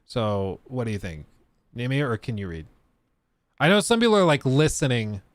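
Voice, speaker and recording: A man's voice: mid-range voice, big pitch swings, moderate pace, no echo. Chatty male streamer, dry close sound. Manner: chatty, laughs often, explains technical details. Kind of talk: casual live-stream chat and reaction.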